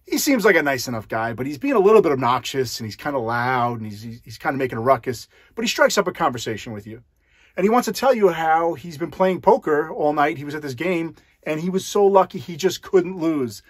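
Speaking directly to the viewer, a magician walks through a card scam step by step in a conversational way. His slightly high voice is animated and fairly quick with a breathy edge, recorded at studio quality with no room sound.

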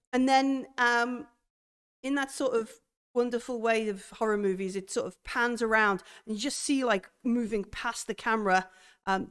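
A woman with a fairly high, smooth, clear voice runs a tabletop game. She narrates a horror scene in a halting way, stopping often and restarting her sentences as she searches for the next detail. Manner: halting, full of fillers and restarts. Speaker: game master.

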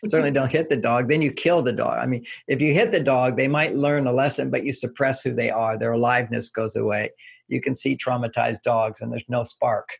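A man with a deeply gravelly, husky voice talks through his ideas as an interview guest. He teaches through everyday stories and chuckles often along the way. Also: steady tone, normal speed. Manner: anecdotal, instructive, chuckling. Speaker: relationship author and guest. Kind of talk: relaxed interview talk.

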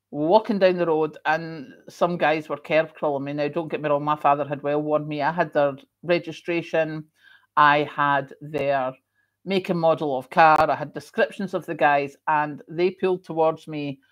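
A middle-aged woman with a Scottish accent, hosting a casual chat and telling stories in an expressive way, with emphatic repeats. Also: low voice. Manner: chatty and expressive, with emphatic repetition. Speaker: host.

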